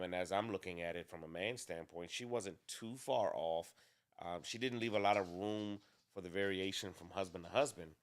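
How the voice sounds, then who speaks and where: A man co-hosting a casual talk show about marriage, speaking in a deliberate, measured way with some restarts. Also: low voice, fairly bright tone. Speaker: co-host.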